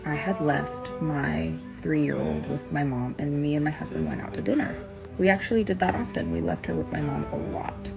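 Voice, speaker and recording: A woman telling a personal story in an earnest, emphatic way, pausing on stressed words. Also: low-pitched, lively intonation, creaky, highs cut off, over music.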